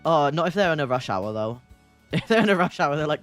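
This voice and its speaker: A woman's voice: deep voice, very animated, fairly quick, soft background music. A woman streamer chatting playfully and reading a game aloud, giggling and teasing. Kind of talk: casual commentary while reading a game aloud.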